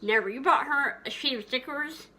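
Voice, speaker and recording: Bright-voiced woman fondly reminiscing. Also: sits high, normal speed. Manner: tender, rambling, many fillers. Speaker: vlogger. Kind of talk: casual reminiscing vlog.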